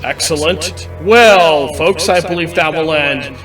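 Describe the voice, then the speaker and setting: A Canadian man talks through his game run in an upbeat, chatty way, now and then reading notes aloud. His voice sits a little high. Game music plays clearly beneath him. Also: slow pace, fairly bright tone, distant mic. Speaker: let's play host. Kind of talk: casual game commentary.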